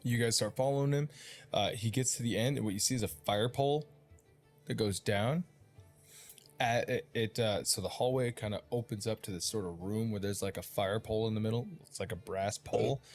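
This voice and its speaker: A man's voice: lowish voice, fairly even intonation, a little fast, faint music behind. A man narrating a tabletop game as dungeon master, in a loose, profane, rambling way.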